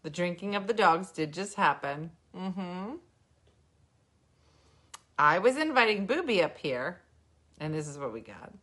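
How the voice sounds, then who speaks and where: A woman's voice: on the low side, sing-song, a little slow, long pauses, a bit bright. A woman with a New Jersey accent hosting a casual podcast chat, a little tipsy and cooing at her dogs. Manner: chatty, talks sing-song to her dogs. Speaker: podcast host.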